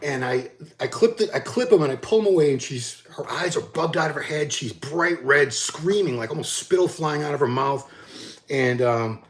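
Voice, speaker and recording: Blunt, animated middle-aged man telling a story. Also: fairly high pitch, normal speed. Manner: blunt and animated, acts out quotes. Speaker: bodybuilding channel host. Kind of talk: casual storytelling to viewers.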